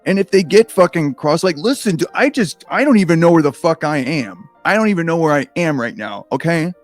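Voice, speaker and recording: Close to the mic, a man reads a gamebook aloud, breaking into rambling, swearing, self-deprecating asides over soft background music. His voice is on the high side, animated and a little fast.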